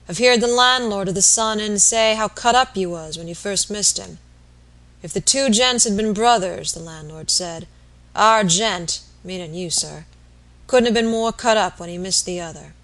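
A woman reading aloud as a dying, rough-spoken working man, bitter and feverish, with coarse rural speech. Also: mid-range voice, moderate pace, a bit bright, close to an everyday voice. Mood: confiding.

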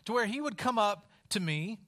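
A man from West Virginia preaching a sermon in a wry, conversational storytelling style with dramatic pauses. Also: sits high, expressive, bright, forceful tone.

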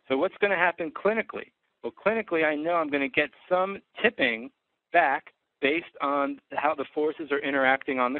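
A male orthodontist with a slightly high voice gives a methodical clinical lecture on treatment cases, using frequent fillers. The audio is echo-free but dry and tinny, like a phone.

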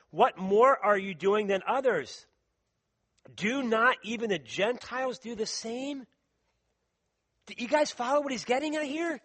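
A man delivering a sermon in a church, his voice sitting quite high for a man. He reads scripture and presses his points earnestly, drawing out the words that matter. A tickle in his throat keeps him clearing it and coughing. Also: a bit bright. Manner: earnest, emphatic, stretches out key words. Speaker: preacher.

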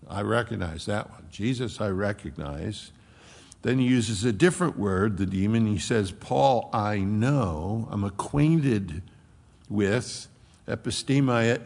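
A man's voice: medium pitch, gravelly. A man preaching a sermon as a pastor, explaining scripture in a conversational way with asides, recorded in a reverberant hall.

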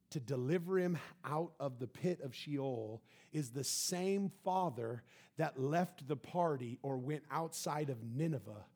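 A man preaching a sermon, emphatic, rising loud then dropping soft. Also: mid-range voice, breathy edge. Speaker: pastor.

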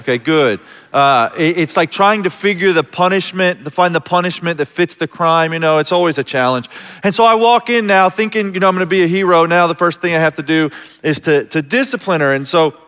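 A man's voice: fairly high pitch, fairly quick, fairly bright tone, clean tone. A male pastor telling a story in a conversational sermon, joking with the congregation and asking for amens. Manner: conversational, self-deprecating humor with audience call-outs. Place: church sanctuary before a congregation. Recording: long reverb of a large hall.

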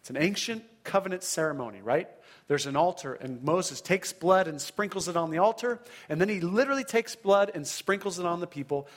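A man's voice: high voice, expressive, fairly quick. A man preaching a sermon, reading scripture aloud with dramatic emphasis and checking in with the congregation. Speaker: pastor.

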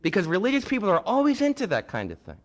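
A male pastor preaching in a conversational, humorous storytelling manner. His voice sits fairly high for a man. It carries a long reverb from a large church sanctuary. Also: huge pitch swings, fast. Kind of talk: sermon.

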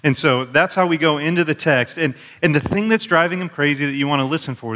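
A man's voice: mid-range voice, a bit bright. A man preaching a sermon as a pastor, in a conversational way with self-deprecating humor. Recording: long church hall reverb.

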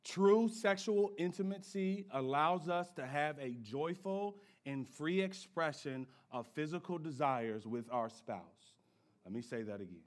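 A man's voice: on the high side, animated, measured pace. A male pastor preaching a sermon in a playful call-and-response style, with slang asides to the congregation.

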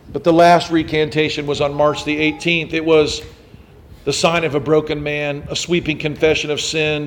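There's a little hiss or hum behind this man's fairly high voice. He's a pastor in the middle of a sermon, narrating a story and voicing its quotes with growing intensity and dramatic flair.

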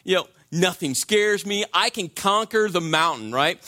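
A man's voice: sits high, expressive, unhurried, bright, forceful tone. A man preaching a sermon, telling a personal story in a conversational way and repeating phrases for emphasis.

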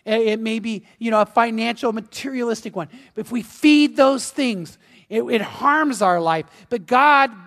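A male pastor preaching in an animated, conversational way, often restarting his sentences. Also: sits high. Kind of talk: sermon. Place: church sanctuary. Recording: long hall reverb.

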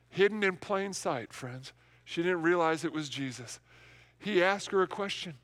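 Pastor guy preaching easter sermon, kinda high voice, earnest, gets fervent, empty church. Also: lively intonation, normal speed, fairly bright tone. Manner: earnest, repeats words for emphasis, rising to fervent. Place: large empty worship center.

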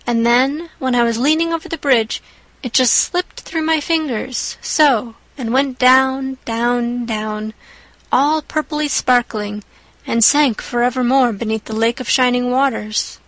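A woman voicing an imaginative, dramatic young orphan girl who talks in breathless, earnest rushes. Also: on the high side, a bit bright, dry recording, rough recording. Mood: confessing. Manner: breathless, pleading then earnest.

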